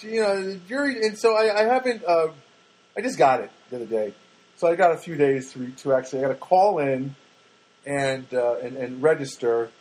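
A man's voice: fairly high pitch, a little mellow, poor audio. A man talking to camera in a casual, rambling monologue, full of restarts and wry asides. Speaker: vlogger.

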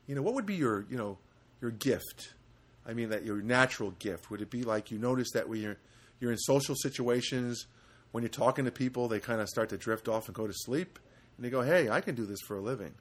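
Middle-aged man, casual storyteller, wry asides, animated pitch. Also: a little fast. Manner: rambling, wry, joking asides, frequent restarts. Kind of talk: casual anecdotal monologue.

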